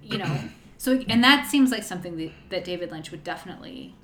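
A woman co-hosting a podcast in casual chat, talkative and teasing, quick to laugh. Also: lowish voice, animated, a bit bright, echoey room, slight background noise. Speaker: podcast co-host.

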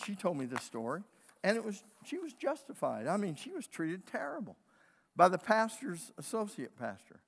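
A man preaching a sermon as pastor, telling a story, moving between loud emphatic lines and quiet retelling. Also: high voice. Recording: long reverb of a church hall.

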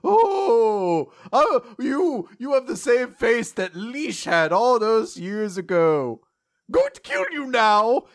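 A man voicing a boastful, grandiose male devil villain who shouts and gloats with laughter. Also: very high voice, sing-song, slow pace, pitched above the performer's own voice, exaggerated voice. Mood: gloating.

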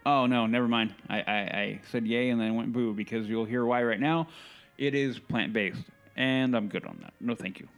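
A man runs the news segment of a casual podcast, halting and restarting and ready to gripe. His voice sits at an ordinary middle pitch for a man. Faint music lingers in the background. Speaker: podcast co-host reading news. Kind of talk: casual chat.

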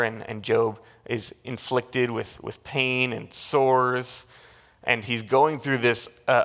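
Male pastor, sermon delivery, gravelly mid-pitched voice, animated storyteller who stumbles and restarts.

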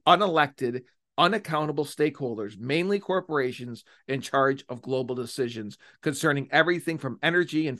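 A man's voice: fairly high pitch, a bit bright, no echo, studio quality. A man hosting a solo political podcast, talking in a mocking, emphatic way and drawing out key phrases. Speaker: podcast host.

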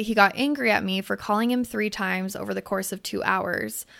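A woman's voice: medium pitch, vocal fry, a bit bright. A young woman hosting a podcast, reading out a listener's letter and giving candid advice with lots of swearing and fillers. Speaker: podcast host. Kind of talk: casual advice talk.

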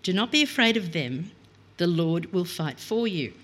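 A woman's voice: lowish voice, expressive, normal speed. A middle-aged woman preaching a reflective, earnest sermon and reading scripture aloud.

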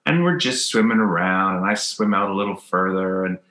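A man telling a story in casual chat, acting out quotes in a high voice. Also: lively intonation, fairly quick, pushed and bright, echoey room, poor audio.

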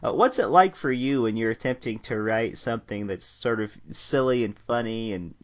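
A man hosting a podcast interview, talking in an earnest, halting way with restarts. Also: mid-range voice, muffled recording. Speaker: podcast host. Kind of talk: casual interview chat.

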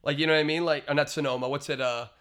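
A young man, a guest on a casual podcast, who tells animated stories and trails off mid-sentence. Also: on the high side, very fast. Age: young adult. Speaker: guest, speaker and educator.

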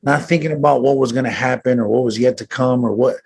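A man talking in a relaxed conversation, telling earnest personal stories with street slang and the odd swear word. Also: medium pitch, quick pace, gravelly, breathy edge. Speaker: guest. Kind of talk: casual conversation.

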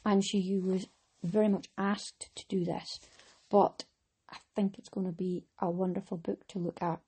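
A woman's voice: medium pitch, level tone, normal speed, warm tone, breathy edge. A middle-aged Scottish woman hosting a knitting podcast, talking in a chatty, rambling way with frequent laughs. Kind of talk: casual chat.

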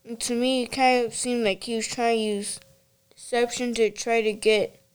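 A woman's voice: fairly high pitch, little pitch movement, normal speed, clear, resonant tone. A woman in a Bible study group sharing her thoughts hesitantly, searching for her words.

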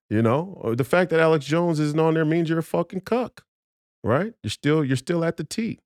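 A man's voice: on the high side, lively intonation, normal speed, a little mellow, no room sound, clean studio sound. A man talking as a podcast guest in a heated, profane rant, emphatic and combative, often restarting his sentences.

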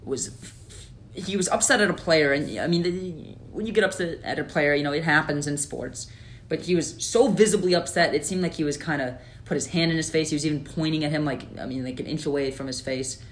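Animated young guy talking sports. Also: on the high side, brisk, a little hiss or hum. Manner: animated, opinionated, lots of fillers. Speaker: podcast co-host. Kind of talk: casual sports podcast chat.

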